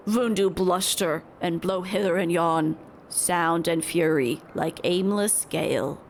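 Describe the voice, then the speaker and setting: A woman voicing a grateful male bird-folk village elder in a deep, slow, stately way, speaking in broken phrases. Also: a little hiss or hum. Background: game music.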